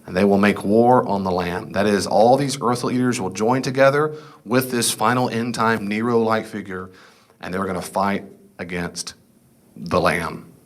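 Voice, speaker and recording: Here a middle-aged man runs an informal Bible study in a lowish voice at a moderate pace. He reads passages aloud, chats with the class, and asks them questions only to answer them on his own.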